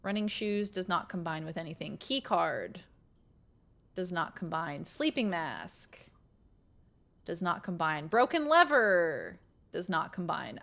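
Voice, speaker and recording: This young woman speaks slowly in a lowish, sing-song voice with vocal fry and a fairly bright tone. She's casually streaming a game, chatting with her audience, musing aloud, laughing a lot and occasionally swearing.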